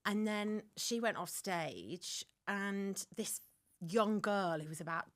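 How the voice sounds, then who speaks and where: A woman hosting a chat podcast who tells anecdotes in an animated way and repeats her own lines with feeling. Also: mid-range voice, slow, no room sound, clean studio sound. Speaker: podcast host.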